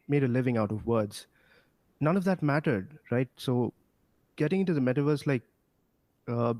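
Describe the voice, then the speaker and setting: A man's voice: medium pitch, a little mellow, no echo. A man who is a guest on a podcast, talking casually and with a playful, joking manner. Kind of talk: casual interview chat.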